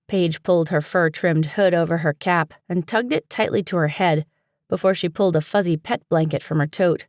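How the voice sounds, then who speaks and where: A woman narrating a fantasy audiobook in a steady, even storytelling manner, recorded on a close studio mic. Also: lowish voice, moderate pace, no echo. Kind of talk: scripted narration.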